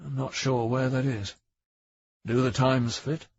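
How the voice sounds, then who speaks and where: Guy reading as a tired gruff chief inspector, husky low-key voice, dry dull audiobook sound. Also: flat delivery, measured pace, no echo. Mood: weary. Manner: terse, weary, gruff. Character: weary older male detective chief inspector.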